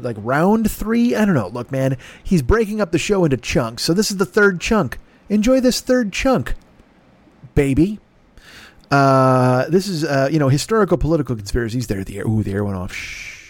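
A man's voice: on the high side, darkish tone, no echo, clean studio sound. A man hosting a podcast, rambling through a profane, jokey sponsor plug full of asides. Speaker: podcast host. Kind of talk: casual podcast ad read.

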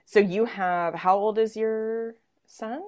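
A young woman hosting a podcast interview in casual chat, enthusiastic and quick to laugh. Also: mid-range voice. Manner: lively, laughs often, enthusiastic. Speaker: podcast host.

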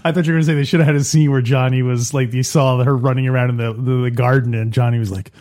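A man's voice: medium pitch, fairly even intonation, fast talker, darkish tone. A man co-hosting a casual film podcast, playful and teasing, laughing often. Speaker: podcast co-host.

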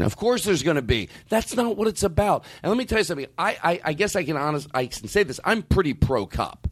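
A man's voice: on the high side, big pitch swings, brisk, few pauses. A man hosting a podcast, talking in a rambling, profane way with many restarts. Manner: rambling, swearing, stops and restarts. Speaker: podcast host. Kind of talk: casual podcast chat.

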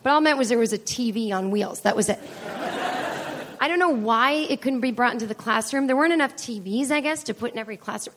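A middle-aged woman with a high voice tells stories on a comedy stage. She rambles through asides and swears freely as she talks. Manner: chatty, profane, rambling asides. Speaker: stand-up comedian and podcast host. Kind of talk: live comedy storytelling. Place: stage in a small comedy venue.

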